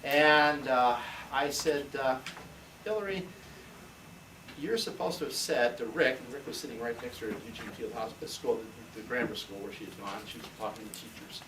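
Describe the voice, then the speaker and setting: A man's voice: mid-range voice, moderate pace. Older man telling stories in a roomy classroom. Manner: rambling anecdotal storyteller, acts out quoted voices. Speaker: retired history teacher. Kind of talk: storytelling on a school tour. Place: school classroom, indoors. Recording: roomy, distant, noisy camcorder sound.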